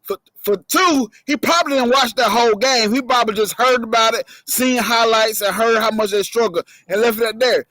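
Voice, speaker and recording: High-pitched guy hosting sports talk, keeps repeating his points, dry close sound. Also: fairly quick, hardly any pauses, sharp tone, no echo, rough recording. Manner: emphatic, profane, repeats himself. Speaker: sports show host. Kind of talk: casual sports debate.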